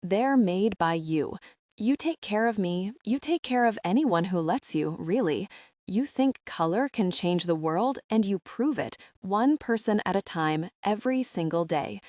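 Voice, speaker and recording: A woman reading as a guy proposing, tender and earnest, warm heartfelt storybook voice, dry close sound. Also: medium pitch, expressive, unhurried, no room sound, close to an everyday voice.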